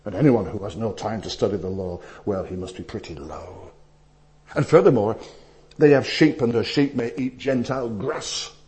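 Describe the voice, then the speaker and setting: Man preaching, loud then hushed. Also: lowish voice. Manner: animated storytelling, swings between loud emphasis and hushed asides. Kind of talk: sermon with anecdotes.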